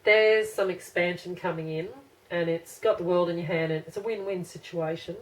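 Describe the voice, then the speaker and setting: A woman's voice: lowish voice, fairly even intonation, normal speed, rough recording. A woman giving a casual pick-a-card tarot reading to camera, rambling and thinking aloud with many restarts.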